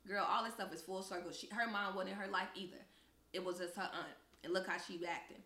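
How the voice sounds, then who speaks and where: A young woman with a medium-pitched voice co-hosts a podcast, speaking briskly in a reverberant space. In casual chat she tells an animated story, acting out the voices of the people in it.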